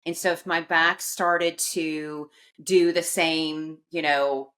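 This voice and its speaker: This middle-aged podcast guest speaks low and slowly. She shares a personal story with animation, voicing quotes and laughing at her own expense.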